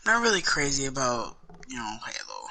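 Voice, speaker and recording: A young man in casual chat with friends, talking in halting bursts full of fillers and restarts. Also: mid-range voice, sing-song, gravelly, bright, forceful tone.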